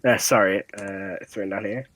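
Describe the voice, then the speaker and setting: A man's voice: fairly low pitch, steady tone, brisk, fairly bright tone, dry recording. A man running a tabletop game as dungeon master, narrating scenes casually with fillers and laughs.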